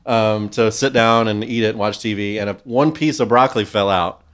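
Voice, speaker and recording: A man chatting on a podcast in a wry, self-mocking way. His voice sits a little low, and his telling is relaxed. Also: normal speed, clear, resonant tone. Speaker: podcast co-host. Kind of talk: casual chat.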